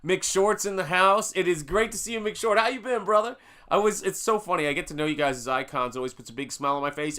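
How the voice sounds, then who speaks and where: This American man's voice sits high and moves fast, with a sharp edge. He's an upbeat livestream host and painter, greeting chat viewers by name and sprinkling in plenty of casual fillers.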